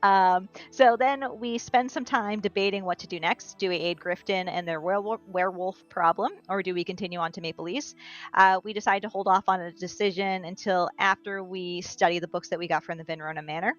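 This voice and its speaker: A lower-pitched woman runs through what happened last session in a loose, chatty way, pausing now and then to fix a word. The recording is dull and lo-fi, with faint music playing underneath. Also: steady tone. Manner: chatty, self-correcting storytelling. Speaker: player giving a session recap. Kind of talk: casual recap of a tabletop game.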